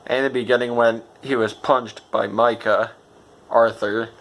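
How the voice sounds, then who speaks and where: Man, stuffy-nosed, bright mid-pitched voice, loose rambling review delivery with swearing and self-corrections. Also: little pitch movement, normal speed. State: stuffy nose. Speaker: game reviewer. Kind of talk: casual unscripted game review.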